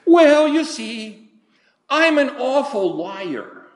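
An older male preacher voicing a defiant teenage girl in a high, drawn-out pleading voice within a sermon. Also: big pitch swings, reverberant, full character voice.

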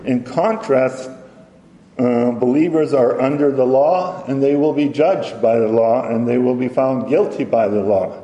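Guy reading scripture in a sermon, slow and careful, mellow voice, echoey hall. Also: medium pitch. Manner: slow, deliberate reading with self-corrections. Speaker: preacher. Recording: echoey hall with long reverb.

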